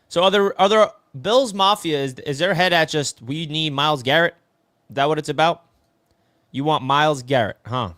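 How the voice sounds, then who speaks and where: A man's voice: on the high side, pushed and bright, dry recording, studio quality. A man hosting a casual live sports talk stream, reading viewer comments and calling people "bro". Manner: chatty, answers viewer comments, says "bro" a lot.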